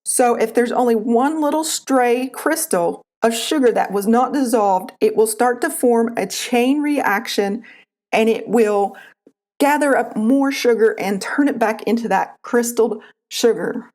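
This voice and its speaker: Calm Appalachian woman teaching a recipe. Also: fairly high pitch, measured pace. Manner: calm, instructive, homespun. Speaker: cooking channel host. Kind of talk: recipe tutorial voice-over.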